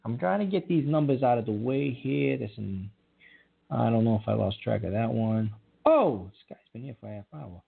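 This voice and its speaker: A man's voice: medium pitch, animated, moderate pace, creaky, slightly rough. A man hosting a call-in radio show, talking emphatically and repeating himself, scolding callers. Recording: tinny phone-like audio.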